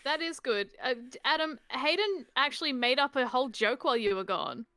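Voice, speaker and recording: A woman's voice: high-pitched, expressive, a little fast, bright, forceful tone, no echo. A woman co-hosting a livestream, giggly and teasing in casual chat.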